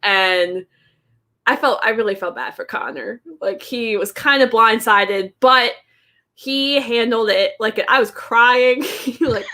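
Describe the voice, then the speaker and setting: A woman's voice: a little high, takes it slowly, sharp tone. A woman co-hosting a podcast in casual chat, laughing often and gushing with lots of "like.". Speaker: podcast co-host.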